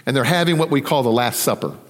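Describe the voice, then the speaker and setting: A man preaching a sermon, conversational and animated, acting out the voices in the story. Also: mid-range voice, quick pace, long reverb tail. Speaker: pastor.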